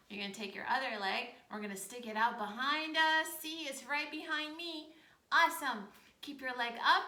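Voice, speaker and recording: A woman's voice: a little high, bright, forceful tone. Lady teaching kids yoga, upbeat and encouraging, echoey room, mic kinda far off. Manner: cheerful, encouraging, coaching children through poses. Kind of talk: storytime yoga for children. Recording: roomy sound from a distant mic.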